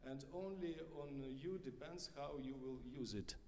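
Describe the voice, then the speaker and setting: A man who is a conductor, with a Russian accent and Russian as his first language, coaching an opera singer in a masterclass in halting English full of fillers. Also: mid-range voice, darkish tone, slight background noise. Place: small concert hall. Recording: reverberant concert hall.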